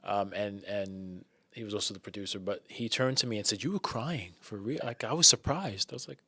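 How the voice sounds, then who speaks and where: Earnest actor guest in casual chat. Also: male voice, on the low side, brisk, bright, forceful tone, no room sound.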